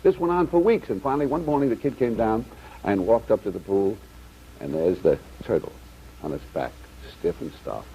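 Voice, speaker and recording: A man's voice: fairly low pitch, animated, normal speed, warm tone, a little hiss or hum. A man telling a long rambling story on a vintage TV talk show, stumbling and restarting as he goes. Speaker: comedian guest. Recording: dull lo-fi old TV audio.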